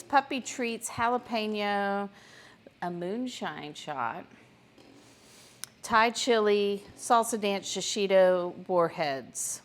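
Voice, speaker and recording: A woman hosting a live cooking stream from her home kitchen, chatting casually and joking at herself while she cooks. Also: lowish voice. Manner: chatty and self-deprecating, talks to viewers while cooking.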